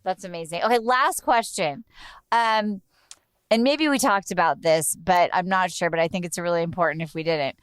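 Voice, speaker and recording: A woman's voice: fairly low pitch, normal speed, clean tone, no room sound, studio quality. A woman hosting a casual interview, chatty and gushing, who says "like" often; she is from the northern United States. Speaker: host.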